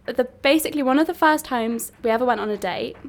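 A woman's voice: a little high, quick pace, vocal fry. A young woman co-hosting a chat podcast, telling stories with lots of laughing and fillers. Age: young adult. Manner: giggly, storytelling, lots of fillers. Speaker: podcast co-host. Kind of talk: casual chat.

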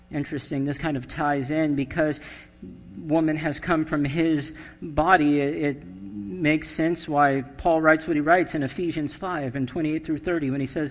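A man's voice: a little high, steady tone, moderate pace, long reverb tail. A man preaching a sermon as pastor, conversational and humorous, reading scripture and telling stories.

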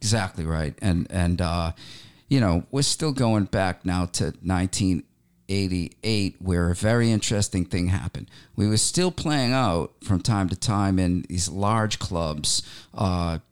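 A man recounts his band's early days in a lively, rambling way, full of fillers and fresh starts. His voice is smooth and resonant and sits fairly low. He sounds like an interview guest caught up in his own story. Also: measured pace. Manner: animated, with many restarts and fillers.

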